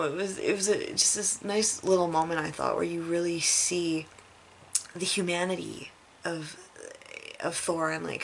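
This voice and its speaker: A woman's voice: lowish voice, creaky, fairly bright tone, slight background noise. A woman giving a casual movie review, retelling scenes in a rambling, chatty way full of fillers and laughter.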